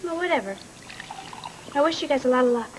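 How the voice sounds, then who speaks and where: A woman's voice: high voice, expressive, quick pace. An actress playing a hurt young woman who keeps her feelings guarded, in a 1980s daytime soap opera. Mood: polite, guarded. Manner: defensive, clipped, rising to indignation. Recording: noisy archived TV recording.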